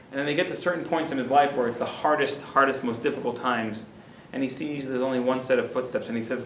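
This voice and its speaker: A man's voice: medium pitch, steady tone, brisk, a bit bright, a little hiss or hum. A man, a rabbi, delivering a dramatic storytelling lecture in a lecture hall. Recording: roomy hall echo.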